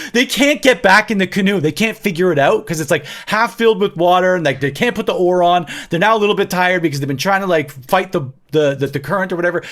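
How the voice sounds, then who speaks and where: A man in his thirties telling a story in a casual podcast chat, full of fillers and loud acted-out quotes. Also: high-pitched. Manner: animated storytelling with frequent filler likes, shouting quoted lines. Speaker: podcast co-host.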